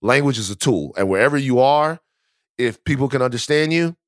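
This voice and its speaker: A man's voice: mid-range voice, expressive, fairly quick, dry recording, studio quality. A man from Baton Rouge co-hosting a podcast, telling stories in a loose, profane, casual way with lots of restarts. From Baton Rouge, Louisiana. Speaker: podcast co-host.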